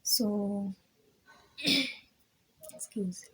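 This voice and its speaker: A woman's voice: mid-range voice, extremely slow, fairly bright tone, breathy edge, low-quality recording. A young woman vlogger telling a personal story in a chatty way, repeating words, laughing often and sometimes dropping to a whisper. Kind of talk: casual storytelling.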